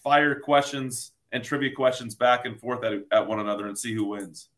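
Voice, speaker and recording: Baseball coach guy on a podcast, laid back, teasing the hosts, middle pitch. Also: moderate pace, fairly bright tone. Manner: easygoing, teasing. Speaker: college baseball head coach, guest. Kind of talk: casual podcast chat.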